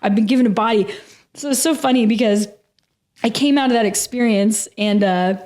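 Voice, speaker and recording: A podcast guest with a fairly high, slightly mellow voice speaks briskly about something personal. In this casual interview, she's earnest and emotional and says "like" over and over.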